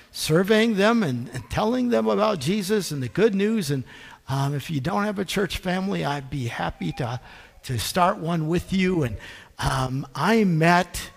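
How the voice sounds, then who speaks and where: Middle-aged pastor guy preaching, self-deprecating stories, pretty high voice, echoey church. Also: creaky. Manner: animated anecdotal storytelling, self-deprecating. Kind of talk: sermon. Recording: long reverb in a church hall.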